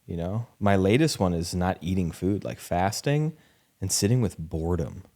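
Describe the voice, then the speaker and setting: A man's voice: low-pitched, sing-song, normal speed, dark tone. A young adult man hosting a podcast, talking candidly and animatedly, acting out quoted voices and swearing casually. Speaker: podcast host.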